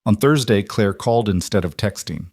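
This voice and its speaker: A man reading a scripted story as narrator, in an even, measured way. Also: on the low side, no echo, studio quality.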